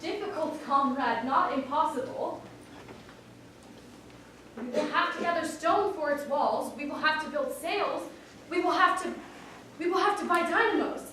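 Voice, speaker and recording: A woman's voice: high-pitched, expressive, a little slow, long pauses, a bit bright, slight background noise. A teenage girl on a school stage playing an idealistic pig leader, earnest and persuasive. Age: teens. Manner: eager, persuasive speechmaking. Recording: echoey hall, mic far off.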